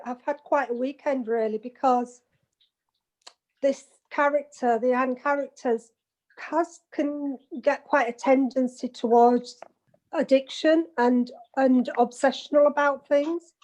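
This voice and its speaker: High voiced lady on a zoom call, giggly, telling a little story, chatty. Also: fairly even intonation, unhurried, darkish tone. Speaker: participant in an online meeting. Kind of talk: casual video call chat. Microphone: video call.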